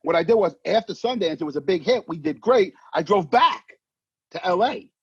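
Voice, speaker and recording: A man, an actor telling stories in a casual interview, animated and swearing, acting out voices. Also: high-pitched, moderate pace, breathy edge, no echo. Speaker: actor guest. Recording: dull muffled sound, dry.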